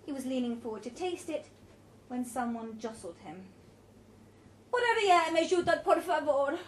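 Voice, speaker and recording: A woman narrating a story in an even, measured reading voice. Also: fairly high pitch, a little hiss or hum. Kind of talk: audiobook narration.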